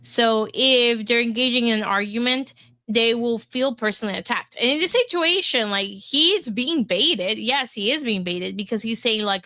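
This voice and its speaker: A woman's voice: a little high, moderate pace, sharp tone, no room sound. A woman in a casual podcast chat, talking in a chatty way with lots of fillers. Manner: chatty, filler-heavy, agreeable.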